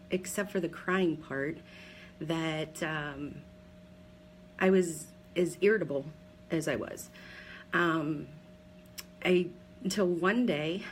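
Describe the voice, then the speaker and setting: In a chatty, candid live video, a Pennsylvania woman in her forties who works as a direct seller shares her personal story, full of ums and laughing at herself. Her voice is low, and the rough recording carries a little hiss or hum.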